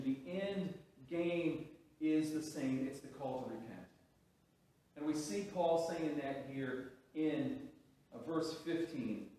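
Guy preaching in a big echoey church, kinda high voice, mic far off, lots of restarts when he gets going. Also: darkish tone. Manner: storytelling with frequent restarts and rising emphasis. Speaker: pastor. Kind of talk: sermon. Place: church sanctuary. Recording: very echoey hall, from a distance.

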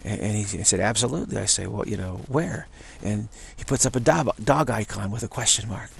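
His voice is lowish, gravelly and husky, and he speaks a little fast. Recorded by himself at home, the spiritual teacher delivers a casual, rambling monologue, chuckling and repeating himself.

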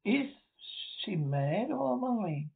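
A man's voice: sits high, steady tone, unhurried. A man reading a devoted young suitor. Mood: impassioned. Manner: impassioned, declaiming. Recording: tinny lo-fi recording.

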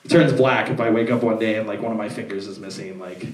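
A man's voice: lowish voice, quick pace, darkish tone, far from the mic. A young man doing a stand-up set, rambling with lots of filler words and swearing, on a comedy club stage. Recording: roomy club from off-mic.

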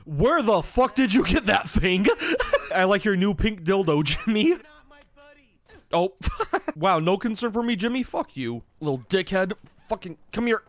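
A young man giving excitable, foul-mouthed let's-play commentary, swearing often and breaking into laughter. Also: high-pitched, a little slow. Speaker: gaming YouTuber.

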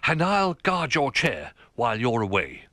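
A man's voice: mid-range voice, wildly swooping pitch, measured pace, bright, forceful tone, no room sound, heavily acted. A man voicing a friendly, easygoing male toy dog who sounds cheerful and reassuring.

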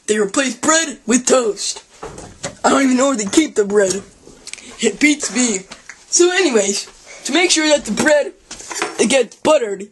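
A woman hosting a spoof cooking show with a goofy, deadpan manner and sudden loud outbursts. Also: sits high. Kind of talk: deadpan comic cooking demonstration. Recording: noisy home video recording.

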